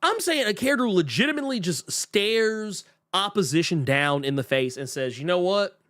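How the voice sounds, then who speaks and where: A man's voice: high-pitched, normal speed. A male podcast co-host in loose, casual chat. His voice leaps up and down as he rants, and he drops into mocking impressions of characters. He swears freely. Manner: animated, profane, acts out characters mockingly.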